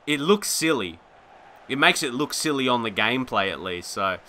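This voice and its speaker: Excitable bright-voiced young man. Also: mid-range voice, moderate pace, slight background noise. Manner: excitable, swings into frustrated shouting and rants. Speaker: gaming YouTuber. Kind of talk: live gameplay commentary.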